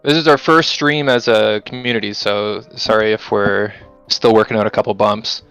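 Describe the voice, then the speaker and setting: A young man with a low, smooth and resonant voice hosts a casual live stream. He sounds upbeat and friendly, greeting people by name and laughing easily between remarks. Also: steady tone, normal speed, fairly bright tone, faint music behind. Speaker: stream host.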